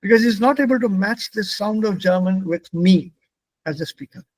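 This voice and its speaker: A man's voice: sits high, moderate pace, no room sound, rough recording. A man, a Telugu speaker, telling a personal anecdote as a German teacher, hesitant with frequent fillers.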